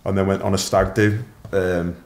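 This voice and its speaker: A man's voice: deep voice, flat delivery, moderate pace, gravelly, roomy sound. A middle-aged man, a podcast guest candidly telling his story in a matter-of-fact, casual way.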